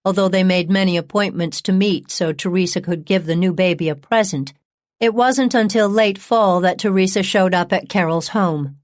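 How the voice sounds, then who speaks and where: A woman reading a true-crime audiobook in a measured, even narration on a close studio mic. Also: mid-range voice, no echo.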